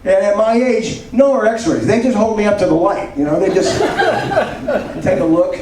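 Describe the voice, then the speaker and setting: A stand-up comic in his seventies, high-pitched and animated yet unhurried, with a darkish tone, rambles on and pokes fun at himself. The distant-mic recording from the comedy club stage is echoey, with the audience laughing along.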